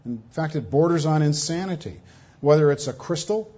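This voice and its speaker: A man's voice: on the high side, animated, normal speed, dark tone, breathy edge, highs cut off. A man preaching a sermon, reading scripture aloud with emphatic stresses. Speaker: pastor.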